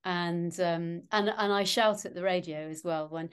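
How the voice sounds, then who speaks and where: Middle-aged woman, actress guest; chatty, self-mocking, lively anecdotes. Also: lowish voice, normal speed, clear, resonant tone. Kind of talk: anecdotal interview chat.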